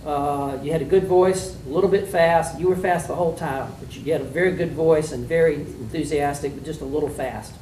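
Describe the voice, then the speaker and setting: In the role of a mock trial judge, a fairly high-voiced man critiques students in a folksy, plainspoken way, filling his speech with "uh" and "um." His tone is steady and a little mellow, the pace a little fast with hardly any pauses. He sounds far off in a roomy, echoey room with a faint hiss.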